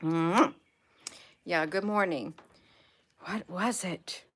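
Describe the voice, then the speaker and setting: A woman's voice: lowish voice, very slow, fairly bright tone. A woman chatting casually on a live stream outdoors in her yard, meandering and losing her train of thought as she greets viewers by name. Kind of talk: rambling casual livestream chat.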